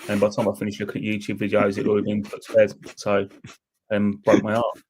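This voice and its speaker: A man's voice: fairly low pitch, completely flat delivery, quick pace, a little mellow, slight background noise. A man co-hosting a football fan podcast, speaking in a laid-back, self-mocking way. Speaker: podcast co-host. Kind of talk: casual fan podcast chat.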